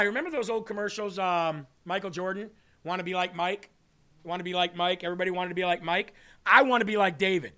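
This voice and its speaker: A man's voice: sits high, vocal fry, bright, forceful tone. A man hosting a faith talk show, preaching earnestly and emphatically and repeating phrases for effect.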